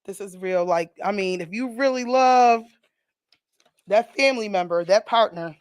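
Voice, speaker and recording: A woman's voice: mid-range voice, measured pace, dry recording. A woman radio host with a Southern US accent, talking in a casual, emotional way and laughing easily. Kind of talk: casual talk radio chat.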